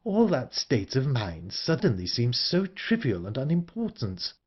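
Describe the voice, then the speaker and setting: A man voicing a calm, composed older woman in an audiobook, speaking in a measured way. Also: medium pitch, husky, dull audio, voice pushed up, heavily acted. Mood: calm, wistful. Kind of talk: audiobook character reading.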